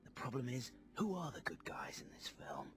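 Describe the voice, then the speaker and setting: A man playing a brooding male action-film hero in a comedy radio sketch, muttering lines low and half-whispered. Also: huge pitch swings, normal speed. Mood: gruff, brooding.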